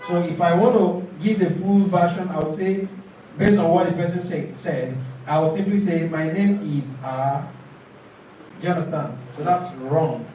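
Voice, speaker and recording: Echoey, high-voiced male coach. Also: steady tone, warm tone, slight background noise. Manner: repetitive, emphatic teacher modelling answers slowly. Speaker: IELTS speaking coach. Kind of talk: classroom lesson to camera. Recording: very echoey classroom from far off.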